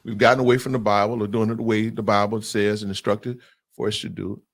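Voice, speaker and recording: A man's voice: fairly low pitch, flat delivery, fast talker. A man hosting a call-in radio show, talking in an emphatic, preachy way.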